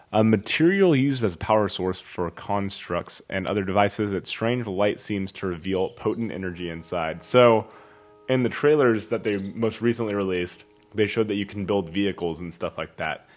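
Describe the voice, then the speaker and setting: A man giving casual, jokey let's-play commentary, wondering aloud as he plays a video game. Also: low-pitched.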